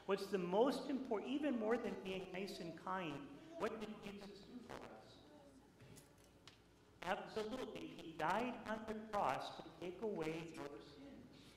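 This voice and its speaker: A man, a pastor giving a playful children's message in a church, speaking gently with many fillers. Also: high voice, expressive, unhurried. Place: church sanctuary. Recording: echoey church with room noise.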